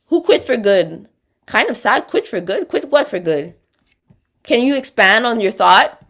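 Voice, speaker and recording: A woman's voice: on the high side, big pitch swings, measured pace, a bit bright. A woman with a Quebec French accent, hosting a casual livestream, chatting, rambling and reading viewer comments aloud. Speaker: livestream host reading chat.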